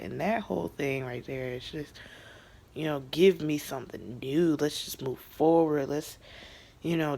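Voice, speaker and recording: A young adult TV show reviewer recaps an episode in a casual vlog with a creaky, mid-range voice. The delivery is chatty and emotional, packed with fillers and the occasional whispered aside.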